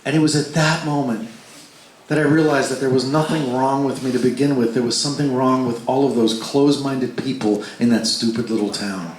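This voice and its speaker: A man telling a story live between songs, animated and swinging his pitch for the voices he quotes, swearing freely. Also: brisk, noisy background. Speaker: stage performer telling a story. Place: large concert hall before a live crowd. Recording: echoey live hall with crowd.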